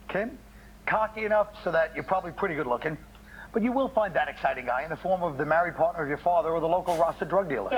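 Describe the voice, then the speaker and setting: A man hosting a comedy panel show, giving sarcastic joke advice and laughing through his lines. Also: sits high. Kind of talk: joking advice and panel banter. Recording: muffled TV audio with loud background noise.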